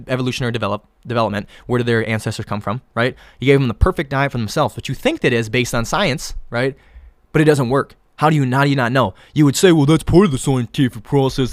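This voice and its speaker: A man hosting a podcast, talking fast and animated, wired on caffeine and swearing freely. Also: medium pitch, no room sound, clean studio sound. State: hopped up on caffeine. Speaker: podcast host. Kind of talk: casual podcast talk and rant.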